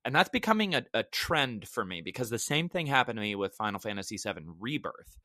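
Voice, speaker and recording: A man co-hosting a casual podcast, jumping in with quick, expressive opinions. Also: on the low side, no room sound, clean studio sound. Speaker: podcast co-host.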